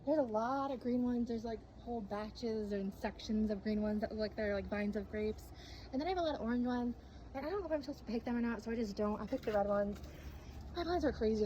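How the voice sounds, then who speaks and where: A woman's voice: fairly high pitch, dark tone, dull audio, a little hiss or hum. A young woman chatting casually to camera in a home vlog, giggly and self-mocking as she cooks and gardens. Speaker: vlogger.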